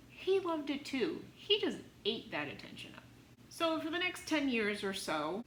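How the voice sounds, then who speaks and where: A woman's voice: medium pitch, fairly bright tone, roomy sound, a little hiss or hum, poor audio. A woman music teacher telling a composer's story in a chatty, playful way, with dramatic exclaimed punchlines. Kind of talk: casual educational storytelling.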